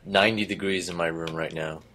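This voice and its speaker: A man's voice: low voice, fairly even intonation, a little fast, bright, forceful tone. A man joining a podcast as a guest, answering with short dry quips. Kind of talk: casual podcast chat. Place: hot bedroom with window closed.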